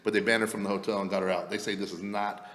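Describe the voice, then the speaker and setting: Fast-talking gravelly man telling stories. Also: fairly low pitch, echoey room, big-room sound. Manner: animated, profane, acts out quoted voices. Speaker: podcast co-host telling stories. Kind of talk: casual storytelling chat.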